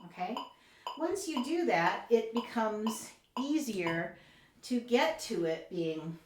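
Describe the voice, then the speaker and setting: A woman's voice: on the high side, sing-song, slow, darkish tone, slight background noise. Woman, oboe teacher, encouraging, explaining step by step, echoey room. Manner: encouraging, explanatory, with light laughs. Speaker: oboe professor. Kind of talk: music lesson demonstration.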